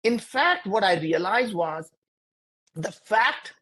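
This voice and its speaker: A man's voice: sits high, very animated, slow pace, bright, forceful tone. An entrepreneur with a thick Indian accent holds forth on a video call. He speaks emphatically, repeating his points in a motivational cadence. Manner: emphatic, repetitive, preachy cadence. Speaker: entrepreneur guest. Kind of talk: motivational interview answers.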